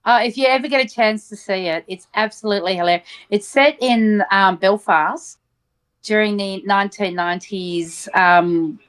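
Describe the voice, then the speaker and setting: A woman's voice: medium pitch, normal speed, smooth. A woman co-hosting casual chat, rambling with many ums. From Australia.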